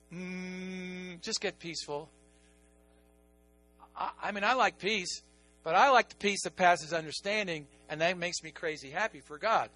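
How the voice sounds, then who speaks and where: High, bright-voiced pastor preaching. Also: male voice. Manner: animated, swings between quiet asides and excited emphasis. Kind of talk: sermon.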